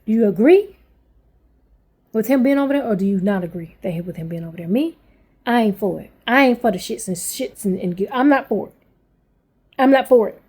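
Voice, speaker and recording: A woman's voice: mid-range voice, lively intonation, brisk, pauses often, a little mellow, slightly rough. A woman in her forties venting angrily to camera as a parent, blunt, swearing heavily and repeating herself. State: angry. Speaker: parent vlogger.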